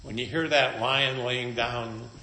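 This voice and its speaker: A man's voice: medium pitch, fairly even intonation, slow pace, bright, forceful tone. A man preaching a sermon in a conversational, storytelling manner with wry humor. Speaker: pastor. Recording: echoey room.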